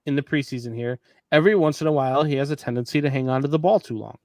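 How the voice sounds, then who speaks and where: A man's voice: mid-range voice, rapid-fire, darkish tone, no room sound. A man hosting a casual sports talk show, speaking conversationally and moving the discussion from one headline to the next. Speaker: host.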